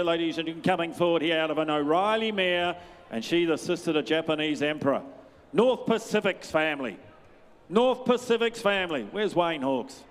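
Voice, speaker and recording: Auctioneer, male, New Zealand accent: high, clear voice, rapid chant, big reverberant sales hall. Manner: fast rhythmic bid calling with banter to bidders. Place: large sales ring.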